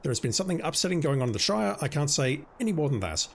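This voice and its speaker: A hoarse man voicing an earnest young male hobbit who rallies a crowd with lofty speeches. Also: a little high, very animated, rapid-fire, pitched above the performer's own voice, exaggerated voice.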